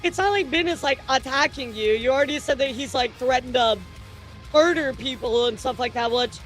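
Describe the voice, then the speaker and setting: A man's voice: very high-pitched, brisk, a bit bright, soft background music. A man streaming, reacting to a video with loose, blunt casual commentary full of fillers.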